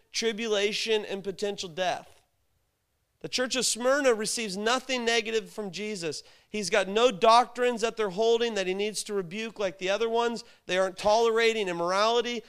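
A man's voice: high voice, a bit bright, smooth. A man preaching a sermon, telling stories, acting out quoted voices and asking the listeners rhetorical questions.

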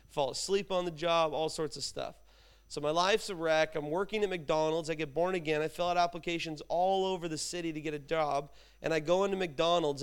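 High-voiced, animated man preaching. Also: clear, resonant tone. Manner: animated storytelling with humor. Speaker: pastor. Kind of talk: sermon.

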